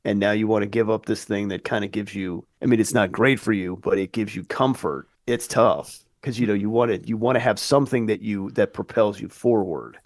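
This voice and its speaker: Low-voiced man musing haltingly. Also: dry recording, clean studio sound. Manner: thoughtful, halting, with restarts. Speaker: podcast co-host. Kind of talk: casual chat.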